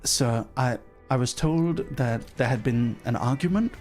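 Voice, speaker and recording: A man voicing a polite male flight steward who speaks low and quietly. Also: moderate pace, gravelly, faint music behind, close to an everyday voice.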